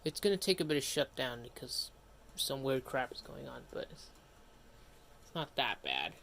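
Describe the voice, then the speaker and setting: A man's voice: medium pitch, sing-song, normal speed, gravelly, bright, forceful tone, slight background noise. Rambling young-sounding male streamer, casual. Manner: rambling, self-interrupting, casually grumbling. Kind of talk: casual livestream commentary.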